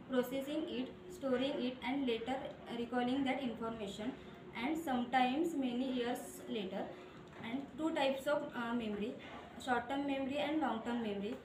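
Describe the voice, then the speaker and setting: A woman giving a halting classroom presentation with filler pauses. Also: on the high side. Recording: echoey room with noise.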